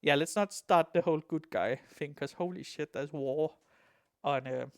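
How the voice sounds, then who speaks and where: A man co-hosting a casual hobby podcast, excitable and jokey, swearing freely. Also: a little high, moderate pace, no room sound, clean studio sound. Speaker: podcast co-host.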